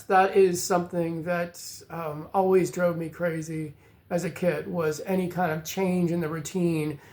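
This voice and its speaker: An adult man vlogging, telling a personal story in a reflective, halting way, often pausing on "you know". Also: high-pitched.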